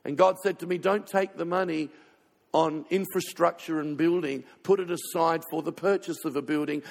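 A man pastor preaching a sermon, telling stories with sudden swings between loud passages and hushed ones. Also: high-pitched, creaky. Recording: reverberant hall.

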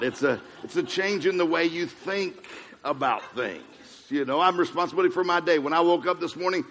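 A man's voice: a little high, fast, a bit bright. Joking preacher man in a reverberant hall. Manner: joking storyteller, punchy repeated phrases. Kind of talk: humorous motivational sermon.

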